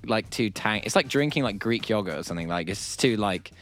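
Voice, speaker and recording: A man's voice: fairly low pitch, expressive, brisk, fairly bright tone. A man chatting casually, wry and rambling, with lots of fillers. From England. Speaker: comedian in a panel chat. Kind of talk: casual comedic chat.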